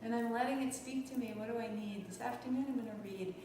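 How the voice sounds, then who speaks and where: A woman in her forties teaching a live online yoga class from home, speaking in a gentle, reflective and heartfelt way. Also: fairly high pitch, fast talker, noisy background. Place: home room. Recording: echoey room, distant mic.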